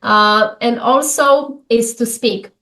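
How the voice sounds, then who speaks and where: In this interview, a guest from Romania talks thoughtfully in English, stumbling earnestly and beginning her sentences over again and again. Her tone is slightly high, bright, and forceful.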